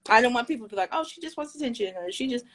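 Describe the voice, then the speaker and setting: A woman's voice: a little high, lively intonation, rapid-fire, fairly bright tone. A woman co-hosting a podcast, speaking earnestly and reflectively while she walks, often restarting words. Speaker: podcast co-host. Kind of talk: candid casual podcast talk. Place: walking while on a call.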